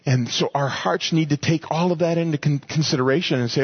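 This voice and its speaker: Guy preaching a bible lesson, kinda husky, restarts a lot, dull muffled sound. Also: on the high side, a little fast, hardly any pauses. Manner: earnest, repeats words while finding his thought. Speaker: Bible teacher. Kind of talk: teaching sermon. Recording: muffled lo-fi recording.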